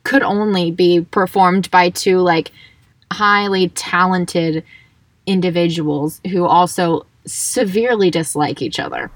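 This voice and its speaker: A woman's voice: fairly low pitch, a little slow, dry recording, distant mic. Woman, podcast co-host, sassy casual retelling, dry close mic. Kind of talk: casual chat.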